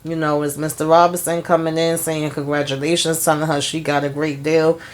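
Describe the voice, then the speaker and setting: Lady with a deep voice doing a laid-back show recap, rambly, lots of "you know". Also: little pitch movement, a little fast. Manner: chatty, retells scenes with lots of "you know" and "she's like". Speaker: TV show reviewer and channel host. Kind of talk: casual episode recap.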